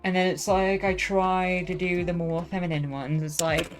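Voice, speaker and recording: A woman's voice: fairly low pitch, little pitch movement, moderate pace, soft background music. A young woman chatting casually on her vlog, rambling, self-deprecating and swearing freely with lots of fillers. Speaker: vlogger.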